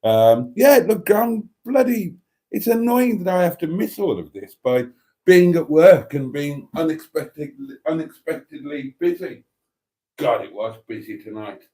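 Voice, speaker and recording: A man's voice: on the high side, expressive, measured pace, mellow, slightly rough. A man hosting a live stream, chatting in a theatrical, camp way, calling listeners darlings and rambling with self-mocking muttered asides. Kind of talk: casual chat reading out viewer comments.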